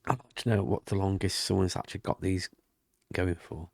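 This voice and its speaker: Male vlogger, low gravelly voice, soft half-whispered rambling, dry close desk mic. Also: fairly even intonation, a little fast, no echo. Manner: quiet, rambling, often half-whispered talk. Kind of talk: casual diary vlog. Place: home room with thin walls. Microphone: desk mic and webcam.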